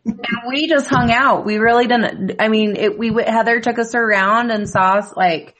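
A woman's voice: fairly high pitch, steady tone, normal speed, a bit bright. A woman from Idaho telling holiday stories in a casual family chat, laughing often and filling with um and like. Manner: giggly storyteller with many fillers. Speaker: family member chatting.

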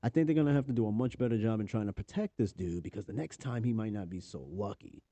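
A man's voice: on the low side, fast, dark tone, dry recording. A married man with a New York accent hosting a podcast, reading news articles aloud and breaking in with offhand, profane asides. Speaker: podcast host. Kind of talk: casual news commentary.

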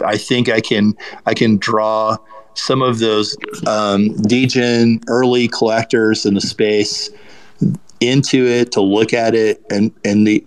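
A man with a low voice talks as a guest collector in a casual online audio chat. He explains things in a relaxed, rambling way, full of ums and you-knows. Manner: relaxed, explanatory, many fillers.

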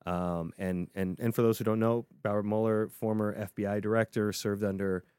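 A man with a low, mellow voice co-hosts a casual political podcast. He talks with energy and often repeats words as he restarts his thoughts. The sound is dry and close. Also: level tone, normal speed, clean tone, no echo.

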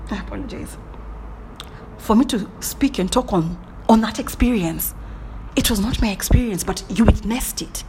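A woman giving a dramatic motivational monologue, swinging between whispers and loud bursts and often laughing at herself. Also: mid-range voice, moderate pace, pauses often, background noise. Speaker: motivational speaker.

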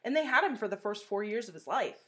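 A woman co-hosting a true-crime podcast in casual chat, animated and swearing often as she recounts details of a case. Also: medium pitch, fast. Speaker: podcast co-host.

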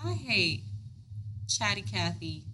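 A woman with a voice of middling pitch chatting casually with friends. She tells a story in an exasperated, talkative way, adding plenty of fillers. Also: sing-song, takes it slowly, pushed and bright, a little hiss or hum. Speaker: podcast co-host. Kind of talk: casual chat.

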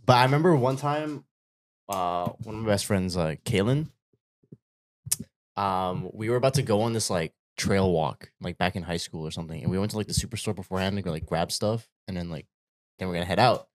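Low-voiced young man chatting casually. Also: fairly quick. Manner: relaxed, filler-heavy storytelling. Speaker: podcast co-host. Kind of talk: casual chat.

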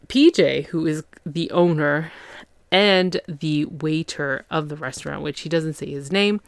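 Female podcast host, low gravelly voice, dry close sound, casual chatty recap. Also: dry recording. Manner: chatty, laughs often, acts out characters' lines. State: tired after a long day. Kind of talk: casual chat.

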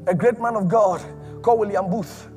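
Male preacher, high voice, fervent and repetitive, soft music underneath. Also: normal speed. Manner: impassioned, repetitive, swings from loud to hushed. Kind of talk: sermon.

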